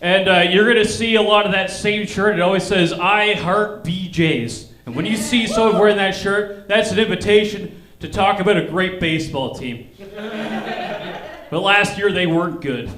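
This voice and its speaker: A man's voice: sits high, normal speed, a crowd in the background. A man doing stand-up at a comedy club, with dry observational jokes. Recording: roomy club sound, live stage mic.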